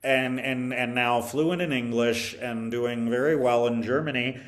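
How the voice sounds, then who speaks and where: A man recounts his teaching years in an interview at a middle pitch. He speaks thoughtfully and haltingly, often pausing, restarting sentences and filling gaps with small hesitations. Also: steady tone. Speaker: interview guest, violin teacher. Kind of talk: reflective interview storytelling.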